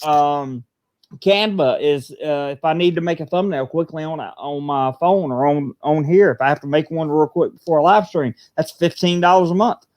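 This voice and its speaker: A man's voice: on the high side, normal speed, darkish tone, dry recording. Laid-back man on a live stream. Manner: laid-back, agreeable, lots of fillers. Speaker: channel host. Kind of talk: casual live-stream chat. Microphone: laptop setup on a video stream.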